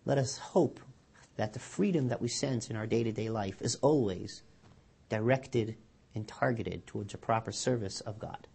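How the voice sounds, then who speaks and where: A man, a rabbi, giving a weekly Torah sermon, telling a story with lively quoted voices and then dropping low and quiet to draw the lesson. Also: normal speed, vocal fry, slightly rough. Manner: animated storyteller, loud and high when quoting.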